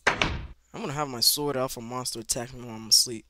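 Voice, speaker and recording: Yelling at monsters and repeating himself, a video creator commentates on gameplay for his audience in a jumpy, panicked way. He speaks fairly quickly at medium pitch over heavy background noise.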